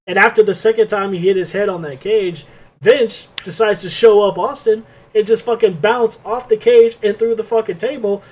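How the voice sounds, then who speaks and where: A man's voice: high voice, steady tone, normal speed, a little mellow. A man co-hosting a podcast, telling a rambling, profane play-by-play recap in casual chat. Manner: rambling play-by-play, swears freely. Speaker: podcast co-host.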